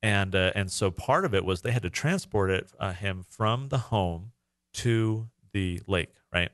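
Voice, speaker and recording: Man, very low voice, dry close sound, earnest rambling storyteller, podcast co-host. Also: animated, a little slow, a bit bright, no room sound. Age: adult parent. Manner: earnest, emotional, rambling with fillers. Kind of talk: casual conversational storytelling.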